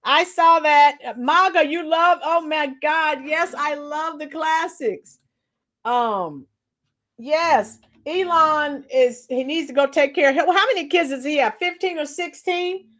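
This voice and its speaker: A woman's voice: high voice, a bit bright. A woman in her fifties hosting a casual livestream, chatting with viewers and now and then breaking into song. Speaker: livestream host and schoolteacher. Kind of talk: casual livestream chat reading the chat.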